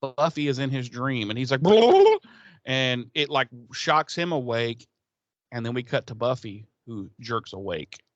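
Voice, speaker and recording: A man's voice: medium pitch, moderate pace, bright, forceful tone, no echo, highs cut off. A man co-hosting a podcast, recapping an episode in casual, profane chat and acting out the characters' lines. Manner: profane, rambling, acts out quotes. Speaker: podcast co-host.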